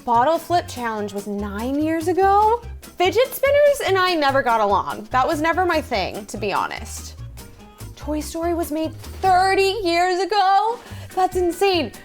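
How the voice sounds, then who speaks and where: A woman's voice: extremely high pitch, big pitch swings, unhurried, faint music behind. A young woman hosting a reaction video, chatting casually and reminiscing, easily amazed by what she sees.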